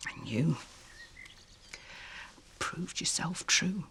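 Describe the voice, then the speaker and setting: An actress playing a tender-hearted older Victorian woman, telling a story in hushed, breathless dialect. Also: low voice, lively intonation, drawn-out words, slight background noise, heavily acted. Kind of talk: period TV drama acting.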